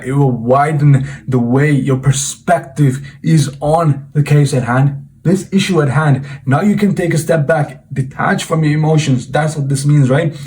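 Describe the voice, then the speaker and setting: With a medium-pitched, darkish voice and a little hiss or hum on the recording, a young self-improvement vlogger gives a casual storytelling monologue to camera. He's informal, earnest and reflective, often addressing the listener as "bro."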